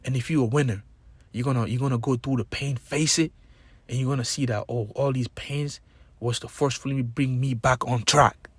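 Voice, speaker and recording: A man giving an impassioned motivational speech, preaching with loud emphatic peaks and repeated key words. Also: medium pitch, steady tone, normal speed, slightly rough, no room sound. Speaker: motivational speaker.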